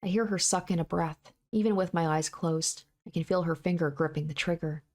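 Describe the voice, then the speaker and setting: A woman narrating a visual novel aloud in a soft, steady, measured voice. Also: on the low side.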